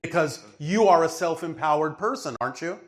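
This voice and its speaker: A man's voice: fairly high pitch, animated, brisk. Emphatic man teaching a questioner. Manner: emphatic, didactic, often checks that he is understood. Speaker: spiritual speaker answering a questioner. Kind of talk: channeled spiritual teaching session.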